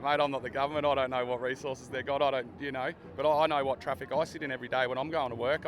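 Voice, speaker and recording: A blunt Australian man with a slightly high voice answers questions quickly and plainly at a street rally. Faint city noise sits behind his voice. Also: a bit bright. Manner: blunt and plain-spoken, says mate. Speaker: rally participant. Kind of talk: street interview.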